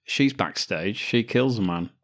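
A man's voice: lowish voice, expressive, measured pace. A man co-hosting a casual film podcast, bantering crudely and laughing often as he recaps scenes. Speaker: podcast co-host. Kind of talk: casual film-review chat.

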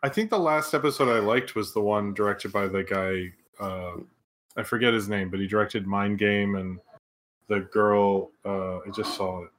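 A man co-hosting a casual comedy podcast, rambling and trailing off softly at the ends of his thoughts. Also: fairly low pitch, steady tone, moderate pace, slight background noise. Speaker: podcast co-host.

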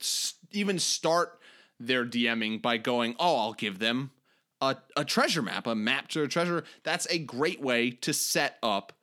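A man hosting a podcast in casual chat, upbeat and quick to laugh. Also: medium pitch, lively intonation, bright, forceful tone. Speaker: podcast host.

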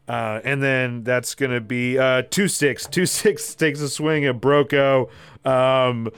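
A man's voice: medium pitch, steady tone, slow pace, fairly bright tone, clean tone. A man narrating a tabletop game as game master, rambling with many fillers and laughing asides.

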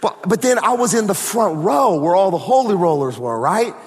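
Male pastor, storytelling sermon, chatty and animated, fairly high voice, echoing hall. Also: normal speed. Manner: conversational, animated testimony with asides to the crowd. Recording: long reverb of a large hall.

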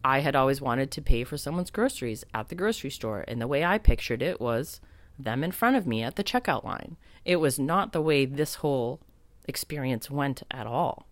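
She hosts a podcast and tells a story in a chatty, reflective, spiritual monologue peppered with "like." Her pitch is extremely low, yet her delivery is animated, at a moderate pace, with no echo.

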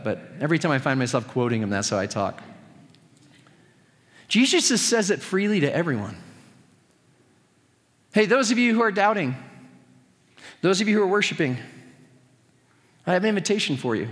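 A man's voice: sits high, a bit bright, long reverb tail. A man preaching a sermon as pastor, conversational and earnest with touches of humor.

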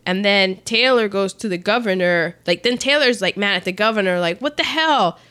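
A woman casually recapping a film with a co-host, chatty and quick to laugh. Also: mid-range voice, fairly bright tone, clean tone. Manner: chatty, laughs often, acts out the characters' lines.

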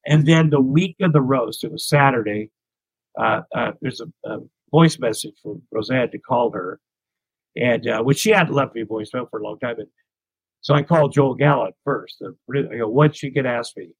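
A man's voice: medium pitch, moderate pace, breathy edge, no echo, rough recording. A middle-aged man from the United States, a comedian telling candid stories as an interview guest, rambling and self-deprecating. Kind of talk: candid anecdotal storytelling.

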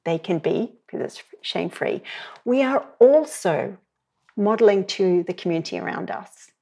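A middle-aged woman speaking as a parenting educator in a podcast interview, telling stories in a lively way and acting out the voices she quotes. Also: medium pitch, moderate pace. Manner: lively storyteller who acts out quoted voices.

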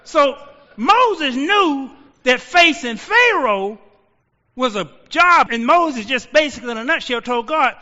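A man in his sixties preaching a sermon as a pastor, telling stories and shouting out quoted lines. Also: very high-pitched, sing-song, slow pace, big-room sound, muffled recording. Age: 60s.

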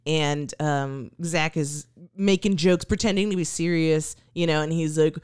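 A young woman co-hosting a podcast in casual chat, playful and quick to laugh. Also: low voice, darkish tone, clean tone, no echo. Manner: playful, laughing, jokey asides. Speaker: podcast co-host.

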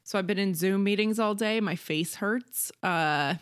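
A woman's voice: mid-range voice, a little slow, smooth, dry recording. Chill podcast lady, laughs easy, dry mic sound. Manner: easygoing, laughs readily. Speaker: podcast co-host. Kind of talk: casual chat.

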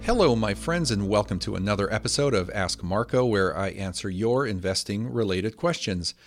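A man hosting a podcast, answering a listener's question in a measured, explanatory way. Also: lowish voice, soft background music. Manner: explanatory, measured, steady teaching tone. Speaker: podcast host.

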